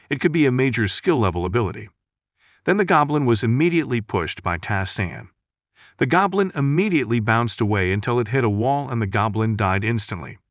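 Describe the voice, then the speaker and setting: A man's voice: medium pitch, no echo, studio quality. A man narrating a comic story recap in a plain, repetitive storytelling manner. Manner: flat storytelling, repetitive phrasing.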